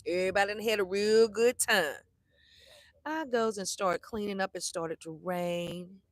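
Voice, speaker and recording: A middle-aged woman vlogger telling a story to her live chat in a blunt, animated way, swearing freely and acting out the people she quotes. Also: mid-range voice, normal speed, no room sound.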